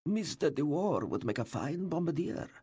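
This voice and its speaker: A man's voice: fairly high pitch, very animated, normal speed, dark tone, husky, pitched above the performer's own voice. Man voicing a deferential army commander. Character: deferential male military commander. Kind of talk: audiobook character voice.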